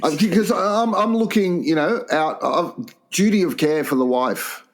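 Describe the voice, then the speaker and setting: A man's voice: a little high, lively intonation, unhurried. A man co-hosting a crude comedy podcast, firing off vulgar jokes and swearing often. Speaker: podcast co-host.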